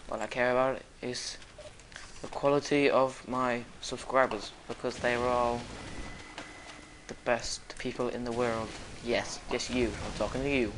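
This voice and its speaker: A young man casually commentating his own gameplay, excitable, swinging from muttering to sudden yelps. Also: medium pitch, unhurried, a little hiss or hum. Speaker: gamer commentating his play.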